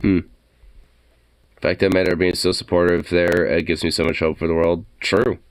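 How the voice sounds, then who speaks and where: A man's voice: low-pitched, flat delivery, moderate pace, clear, resonant tone. A man hosting a casual reaction video, rambling with heavy profanity and fillers.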